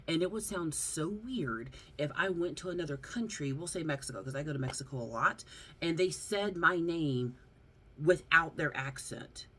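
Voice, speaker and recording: Low-voiced Southern woman chatting. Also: a bit bright, a little hiss or hum. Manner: chatty, goes off on rants, laughs often. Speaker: vlog host showing her figure collection. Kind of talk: casual chat.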